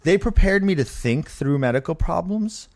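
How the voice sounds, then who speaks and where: A young adult man, a physician and guest, telling stories in a casual interview with animated, emphatic delivery. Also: high voice, normal speed. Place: medical clinic.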